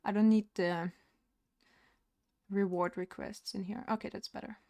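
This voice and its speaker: A young woman chatting on a live stream from home. She rambles loosely and laughs often. Her voice sits at an ordinary middle pitch, and the sound is dry and close. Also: fairly even intonation, measured pace, gravelly, dark tone, dry recording. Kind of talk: casual live-stream chat.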